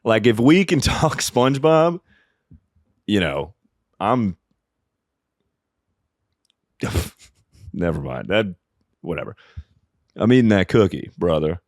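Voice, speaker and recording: Podcast co-host, male, low-pitched, profane animated ranter, dead-dry sound. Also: takes it slowly, pauses often, no room sound. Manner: profane, animated ranting with mocking put-on voices. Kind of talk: casual comedy podcast chat.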